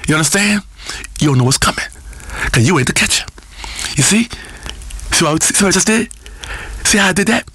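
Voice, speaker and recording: An actor playing a crude, boastful male spiritual-guru radio host, preaching loudly and swinging between growls and shouts. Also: high voice, lively intonation, a little fast, pauses often, slight background noise. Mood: brash. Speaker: radio talk show host. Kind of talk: comedic radio talk show.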